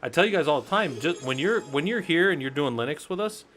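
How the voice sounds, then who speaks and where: A fairly high-pitched, somewhat bright male voice, expressive and quick, leads a Linux lesson on a livestream from the United States, with slight hiss or hum audible. He speaks to chat in a rambling, conversational style, voicing characters as he tells stories.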